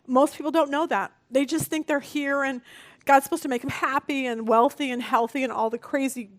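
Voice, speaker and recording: A woman's voice: high voice, fairly even intonation, brisk. A middle-aged woman leading a Bible study, telling a personal story with strong emotion, her voice rising when she is distressed.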